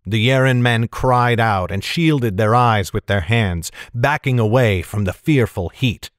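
A man narrating a fantasy novel in a steady, measured storytelling manner. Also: mid-range voice, dry recording, studio quality. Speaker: audiobook narrator.

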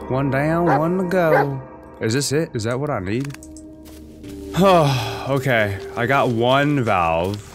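A man doing let's play commentary, loud and cursing as he yells at the game. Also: medium pitch, lively intonation, slow. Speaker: gaming video host. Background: game music and sounds.

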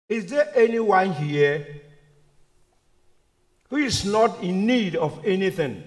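A man delivers a sermon in a high voice that rises and falls freely, taking his time and repeating key phrases. He often puts rhetorical questions to his listeners. The sound carries the long reverb of a church hall. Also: animated, slow pace, pauses often, darkish tone. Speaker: preacher.

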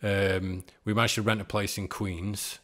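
A man in his forties talks through his past in a loose, meandering way, often chuckling at himself. His voice sits very low. It is a relaxed podcast-guest chat. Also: measured pace. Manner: rambling, chuckling, self-deprecating. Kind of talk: casual storytelling chat.

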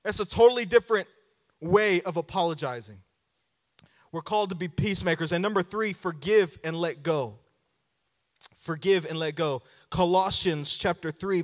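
A male pastor preaching a sermon in a conversational way, acting out quoted apologies and calling for amens. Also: fairly high pitch. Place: church sanctuary. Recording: church hall reverb with faint music.

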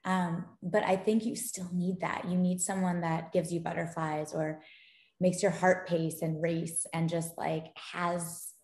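A woman's voice: lowish voice, unhurried. A woman who founded a gaming company, a guest chatting casually in an interview and telling stories with animation and frequent laughter. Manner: animated storyteller, laughs often. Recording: roomy echo.

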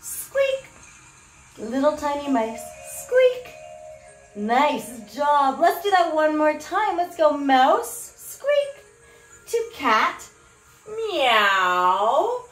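Leading preschoolers through yoga, a woman speaks slowly with few pauses in a high-sitting voice, sing-song and encouraging, adding animal sounds to the poses. The roomy, rough recording carries soft background music.

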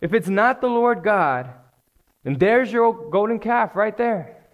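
A male preacher with a fairly high voice delivers a sermon. He is earnest, circles back to the same phrases, and presses his listeners with direct questions. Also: animated, slow pace, highs cut off. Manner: earnest, repeats phrases and asks pointed questions.

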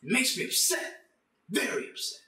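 A young man hosting a comedic, profane rant, swearing constantly and bursting into shouts. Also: normal speed. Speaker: channel host. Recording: echoey room.

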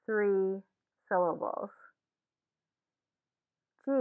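A woman teaches a scripted lesson at a very slow, deliberate pace, saying each word twice for her listeners. Her voice sits mid-range for a woman. The sound is thin and tinny, like a phone line. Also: mid-range voice.

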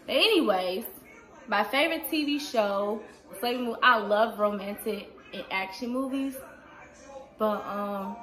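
Seorang wanita berusia dua puluhan menjawab pertanyaan penonton dengan santai di rumah, sering memakai "like" dan "um". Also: female voice, on the high side, animated, moderate pace, bright, forceful tone. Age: 20s. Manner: chatty, fills with "like" and "um". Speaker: vlogger. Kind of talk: casual Q&A vlog. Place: indoors at home.

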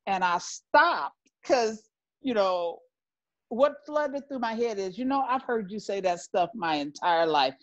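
A woman in her sixties speaking on a discussion panel. Her voice is mid-pitched, and she shares a personal story candidly and with feeling. The audio sounds slightly dull and lo-fi. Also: animated, unhurried, no echo. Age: 60s.

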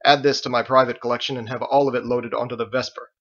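A man's voice: medium pitch, level tone, fast, a bit bright, lightly acted. A man voicing a stern military commander who gives firm, clipped orders, in a dull lo-fi recording. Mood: commanding.

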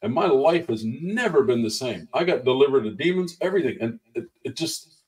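A man in mid pitch tells church testimony stories in an easy, conversational way. He is animated and slips into the voices of the people in his anecdotes. His voice sits a little back from the microphone. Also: brisk, distant mic, rough recording. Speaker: guest minister.

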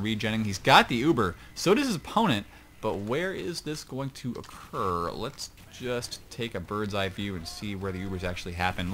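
Low-voiced rambling male game caster. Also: a bit bright, a little hiss or hum. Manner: rambling, chatty, self-mocking asides. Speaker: esports shoutcaster. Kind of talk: casual play-by-play game commentary.

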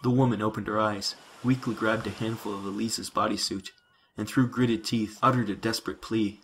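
A man narrating science fiction in a measured, dramatic reading. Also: fairly low pitch, fairly even intonation, slight background noise, low-quality recording.

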